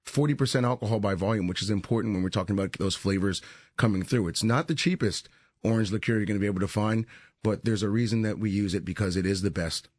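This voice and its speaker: A man with a booming voice, a guest on a radio show explaining a liqueur and its history. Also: fast, no echo, studio quality. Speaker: spirits brand educator.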